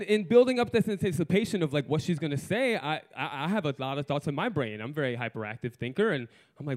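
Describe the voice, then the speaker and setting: A man around thirty telling a frank personal story in a candid, profane, self-mocking way, swinging between loud bursts and hushed asides. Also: a little high, fast, few pauses. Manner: animated, shifts from loud to hushed.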